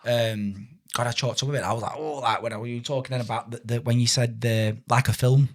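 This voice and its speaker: A man hosts a podcast conversation. He talks at a middling pitch in a casual, rambling way, often stumbling and restarting his sentences. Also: steady tone, quick pace. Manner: chatty, rambling, stumbles over words. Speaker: podcast host.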